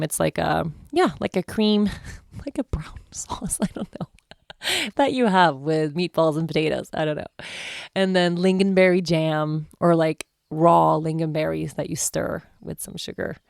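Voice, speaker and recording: A woman in her thirties chatting casually on a vlog, telling a warm family story in a gushing way full of "like" and "I mean". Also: low voice, creaky, no echo, clean studio sound. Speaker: vlogger.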